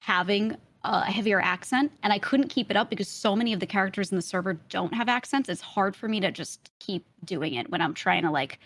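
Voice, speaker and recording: A young woman with a light Brooklyn accent, chatting as an interview guest. She tells her story loosely, with lots of fillers and frequent laughter, at an ordinary middle pitch. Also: a little fast, few pauses, a bit bright. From Brooklyn, New York. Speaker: streamer and roleplayer, interview guest. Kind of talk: casual interview chat.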